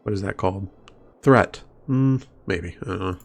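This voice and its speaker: A man's voice: low voice, normal speed, creaky. A man streaming a game, rambling and wondering aloud as he plays. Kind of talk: casual gameplay commentary. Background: faint game music.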